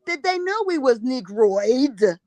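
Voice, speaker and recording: A woman's voice: sits high, sing-song, slow pace, a little mellow, no echo. Emphatic woman telling a blunt story. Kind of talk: casual storytelling conversation.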